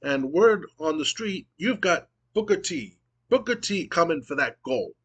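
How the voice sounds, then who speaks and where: Cocky male wrestler showman, put on by a man, boastful, high, slow drawn-out delivery. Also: expressive, breathy edge. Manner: boastful, speaks of himself in third person.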